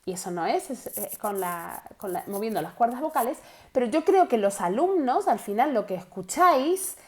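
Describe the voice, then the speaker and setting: With a high-leaning, darkish voice full of big pitch swings, an upbeat woman teaches English pronunciation bilingually. She encourages her listeners, going slowly and repeating words as drills.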